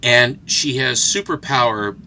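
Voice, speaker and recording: A man telling a casual anecdote as a guest, animated and acting out the people in his story. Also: mid-range voice, a little slow, a little hiss or hum, low-quality recording. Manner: animated storyteller who acts out characters.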